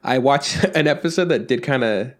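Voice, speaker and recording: A man's voice: mid-range voice, moderate pace. A man co-hosting a podcast in casual chat, retelling a story animatedly and swearing freely. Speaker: podcast co-host.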